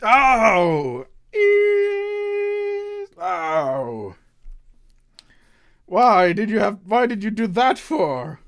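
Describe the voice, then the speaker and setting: A man's voice: on the high side, very animated, takes it slowly, creaky, fairly bright tone, exaggerated voice. A man playing a grumpy tavern keeper. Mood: pained. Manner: grumbling, fussy, easily exasperated.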